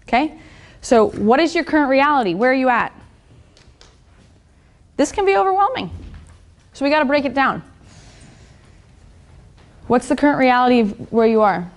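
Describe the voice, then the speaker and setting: A business and fitness coach gives an animated motivational seminar talk in a fairly high voice, her pitch and volume leaping with energy. Blunt and freely profane, she keeps firing quick questions at the audience, like "right?"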